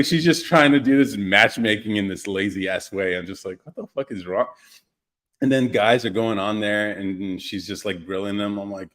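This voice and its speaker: A young man hosting a casual livestream podcast, joking around, laughing often and reacting to viewer comments. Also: lowish voice. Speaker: podcast host.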